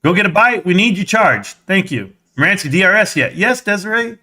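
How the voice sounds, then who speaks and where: A young man hosting a live stream, talking excitedly, reading chat and yelling at times, sweaty and winded. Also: high voice, brisk. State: sweating in a helmet. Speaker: livestream host.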